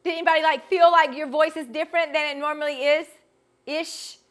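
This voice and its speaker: A middle-aged woman, a vocal coach, teaching a group in a chatty, animated way with frequent restarts. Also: high voice, a little fast. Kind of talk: casual teaching talk to a group.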